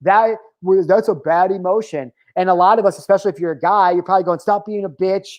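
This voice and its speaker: A man's voice: sits high, fast talker. A man in his thirties hosting his own show, talking candidly and profanely about his feelings, with filler words and tangents. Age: 30s. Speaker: host. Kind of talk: casual motivational talk.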